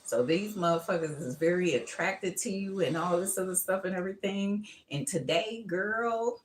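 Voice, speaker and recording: A middle-aged woman reads tarot on a casual live stream, brash and loud with frequent laughter. She calls her listeners boo and baby in a lowish voice. The room around her rings with echo. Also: normal speed, slight background noise. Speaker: tarot reader.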